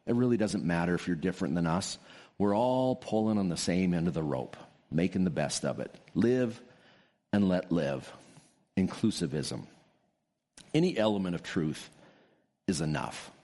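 Emphatic pastor with a low, lively voice. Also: male voice. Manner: emphatic preaching with sweeping pitch swings and drawn-out stresses. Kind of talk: sermon.

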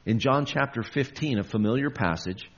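A man's voice: medium pitch, moderate pace, husky. A man preaching a sermon, with emphatic rises on the verses he quotes. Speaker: pastor. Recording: dull lo-fi recording.

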